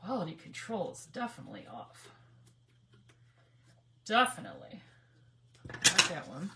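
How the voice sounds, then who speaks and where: Lively, bright-voiced woman crafting on a livestream. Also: on the low side, a little slow. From Michigan. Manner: chatty, laughs often, greets viewers by name. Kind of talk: casual livestream crafting chat.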